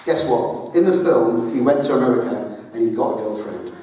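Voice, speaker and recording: A man's voice: mid-range voice, normal speed, warm tone. A man preaching a chatty, emphatic sermon full of jokes, in a large church hall. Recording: echoey hall, voice from far off.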